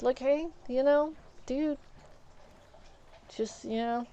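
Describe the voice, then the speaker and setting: A woman's voice: high voice, slow, lo-fi sound, slight background noise. A woman telling rambling stories on a stream, acting out what others said. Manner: rambling, animated, acts out quoted people. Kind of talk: casual storytelling while gaming.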